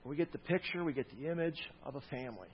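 A man preaching a sermon to his congregation, swinging from loud, stressed lines to soft, quiet asides. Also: on the high side, fast, dull audio, slight background noise. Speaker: pastor.

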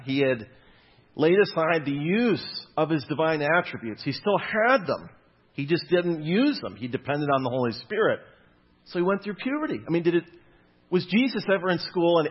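A young man preaching in an easygoing, conversational way, reading scripture and then drifting into self-deprecating stories with frequent laughs. His voice sits a little high and sounds husky. The recording is dull and lo-fi. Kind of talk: casual sermon with personal stories.

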